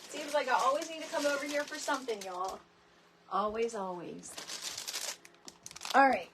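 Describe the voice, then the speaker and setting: A middle-aged woman hosting a casual craft tutorial livestream, chatty and animated, greeting viewers by name from her home craft room. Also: high voice, normal speed, background noise. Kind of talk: casual live crafting chat.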